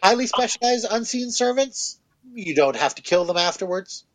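A man's voice: high voice, lively intonation, moderate pace. A man co-hosting a podcast, chatting casually about tabletop game spells with sardonic, mocking quips. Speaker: podcast co-host.

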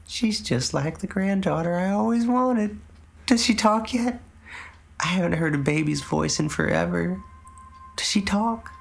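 A man's voice: sits high, measured pace, creaky, voice pushed up, heavily acted. A man voicing a tearful old farm woman who pleads in a shaky, quavering voice. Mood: pleading. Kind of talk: audiobook reading.

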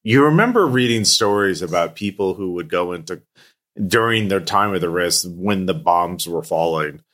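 A man's voice: low voice, lively intonation, normal speed, fairly bright tone. A man narrating a tabletop game as game master, with hesitant fillers between descriptions.

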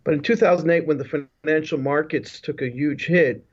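Higher-voiced man on a dull video call. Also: brisk, husky. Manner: rambling, with frequent restarts and asides. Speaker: guest, business leadership consultant. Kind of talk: casual interview storytelling. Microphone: remote video call.

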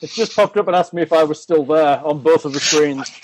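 A man runs a tabletop game over a video call and reads rules aloud at a steady pace. His voice sits a little high, and he teases his players dryly. A faint hiss is under the line. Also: brisk, rough recording. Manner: dry, teasing, reads rules methodically. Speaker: game master. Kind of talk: casual chat, reading rules aloud.

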